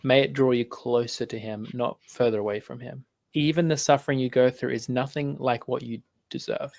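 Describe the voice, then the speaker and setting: Earnest preacher guy talking slow and measured, dry sound. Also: mid-range voice, steady tone, gravelly, a little mellow, no room sound. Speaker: Christian preacher in a played clip.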